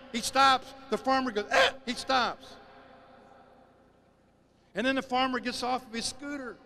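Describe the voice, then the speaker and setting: A man giving a sermon-style talk, telling stories with emphatic, animated delivery. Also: extremely high pitch, slight background noise. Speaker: speaker.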